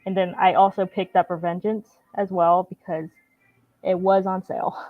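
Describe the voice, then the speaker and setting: A woman guest on a livestream talk show, chatting casually and relaxed, with lots of "like" and "you know" fillers. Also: on the low side, moderate pace, no room sound, phone-quality sound. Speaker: guest streamer. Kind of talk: casual chat.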